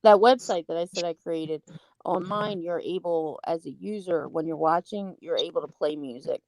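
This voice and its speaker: A woman's voice: fairly low pitch, moderate pace, a little mellow. A woman co-hosting a livestream, giving matter-of-fact advice in casual chat.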